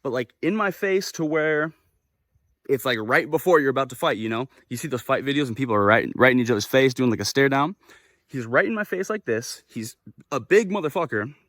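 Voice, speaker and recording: Young man telling an animated storytime, dry sound. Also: mid-range voice, a little fast, no room sound. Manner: animated, acts out quoted voices, swears freely. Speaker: vlogger. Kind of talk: casual storytime vlog. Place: living in Japan.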